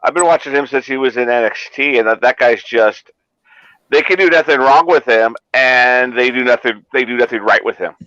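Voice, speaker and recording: A man's voice: medium pitch, moderate pace, sharp tone, no room sound, muffled recording. An older man in casual podcast chat, rambling and restarting his thoughts.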